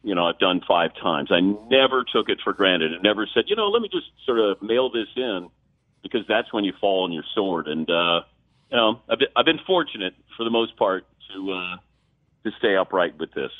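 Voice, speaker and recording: Sportscaster guest from Ohio, phone-in, animated storyteller; tinny line, no room sound. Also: male voice, fairly low pitch, moderate pace, no echo. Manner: animated storyteller, acts out quotes. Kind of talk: phone-in radio interview, storytelling.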